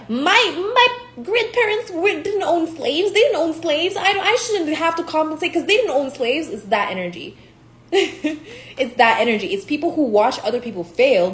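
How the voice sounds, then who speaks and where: A young woman from Nigeria giving a casual spiritual monologue as a tarot reader, blunt and profane, laughing often. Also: on the high side. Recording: echoey room, faint hiss.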